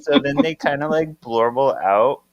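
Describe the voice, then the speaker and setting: A man's voice: mid-range voice, lively intonation, unhurried, dull audio. A man co-hosting a podcast, chatting casually and reading comic dialogue aloud with playful voices. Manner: reads lines with playful character voices. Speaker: podcast co-host.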